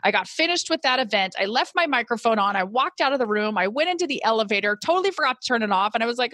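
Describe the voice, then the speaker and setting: A woman's voice: fairly high pitch, animated, fast talker, few pauses, sharp tone, dry recording, clean studio sound. A middle-aged woman, a podcast guest and business owner, telling a personal story in an earnest way and acting out her past thoughts with animation.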